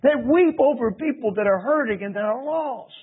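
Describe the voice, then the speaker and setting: High-voiced, husky man preaching. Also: expressive, moderate pace. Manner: impassioned, rhetorical questioning. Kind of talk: sermon. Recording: tinny phone-like radio broadcast.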